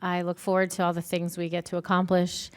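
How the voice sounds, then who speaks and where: A woman serving as county vice mayor, giving brief formal remarks in a soft-spoken, measured way with frequent ums. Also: fairly low pitch, monotone, clean tone. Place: county commission chamber.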